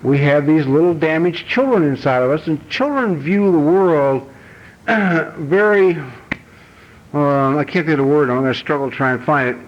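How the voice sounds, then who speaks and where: A middle-aged American man addresses a recovery banquet as an AA speaker, in a dull archival recording with faint hiss. His voice is a little high and his pace normal as he tells stories bluntly and in rough-edged language. He acts out voices and swings from quiet asides to loud outbursts.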